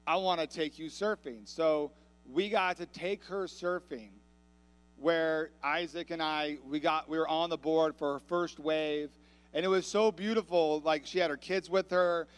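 A man preaching a sermon, telling a story with rising passion and growing loudness. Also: fairly high pitch, fairly even intonation, measured pace, clear, resonant tone. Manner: impassioned storytelling, building in volume. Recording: reverberant hall with mains hum.

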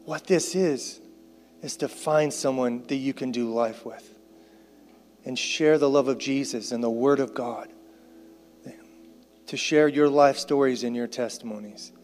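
A male pastor delivers an earnest sermon and altar call. He repeats key phrases and slips into soft, hushed prayer. His voice carries a long reverb from a large hall. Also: mid-range voice, measured pace, long pauses, soft background music.

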